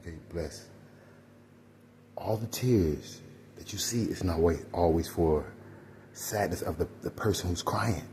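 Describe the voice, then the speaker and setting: Deep-voiced man preaching casually. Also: unhurried, long pauses, warm tone, a little hiss or hum. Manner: preachy, rambling, addresses listeners as y'all. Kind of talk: casual spiritual monologue.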